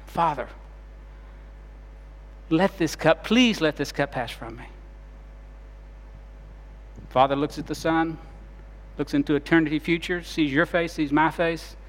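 A man preaching a sermon as pastor, retelling scenes dramatically and shifting between loud and soft delivery. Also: fairly high pitch, in a large hall.

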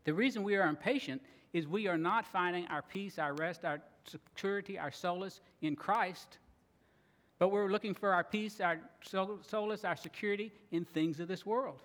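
A man preaching a sermon, earnest and expressive, now and then acting out grumbling voices. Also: high voice, moderate pace. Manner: earnest, acts out grumbling voices, laughs at times. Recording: long reverb of a large hall.

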